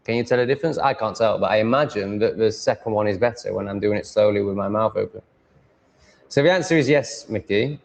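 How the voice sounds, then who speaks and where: A man's voice: on the low side, fast talker, creaky. A man chatting casually on a live stream, mumbling and rambling, swearing freely and reading chat aloud.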